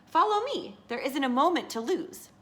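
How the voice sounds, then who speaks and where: A woman voicing a sly, smooth-talking male fox in a storybook read-aloud, overly polite and coaxing. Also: sits high, sing-song, moderate pace, pushed and bright, voice pushed up, heavily acted.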